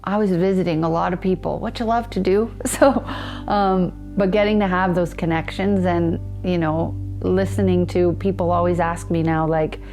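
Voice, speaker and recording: A woman in her thirties, a podcast guest, telling a personal story in a reflective, halting way with many fillers and restarts. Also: lowish voice, steady tone, mellow, faint music behind.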